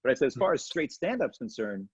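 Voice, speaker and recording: A middle-aged comedian telling lively stories in an interview, slipping into quick impressions. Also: male voice, medium pitch, breathy edge. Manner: animated anecdotes with quick impressions. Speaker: comedian guest. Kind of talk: storytelling interview chat. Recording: muffled lo-fi audio.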